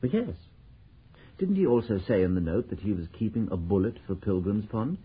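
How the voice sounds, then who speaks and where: A probing, skeptical man presses with dry, pointed questions in an old radio drama. His voice is low and husky, with lively pitch. It comes through a tinny, phone-like old broadcast. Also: normal speed. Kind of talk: 1940s radio acting.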